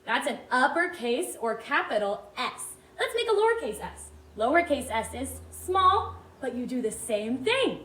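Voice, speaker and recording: A woman teaching a phonics lesson to young children, sounding out letters slowly and asking them to read along. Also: high-pitched, sing-song, fairly bright tone, echoey room, a little hiss or hum, rough recording. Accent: Hawaiian English. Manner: slow, stretched-out sounds, read-along prompts. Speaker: kindergarten teacher.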